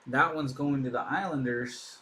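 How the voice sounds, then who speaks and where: A man's voice: mid-range voice, moderate pace, fairly bright tone. A man hosting a live card break, chatting in an upbeat way as he opens packs and thinks aloud. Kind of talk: casual live commentary while opening packs.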